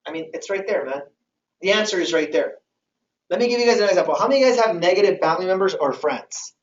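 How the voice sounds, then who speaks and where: A man leads a motivational training session, speaking with lively energy and repeatedly quizzing his audience. He is heard from a distance in a roomy hall, and the recording sounds a little dull. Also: high voice, quick pace. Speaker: sales trainer.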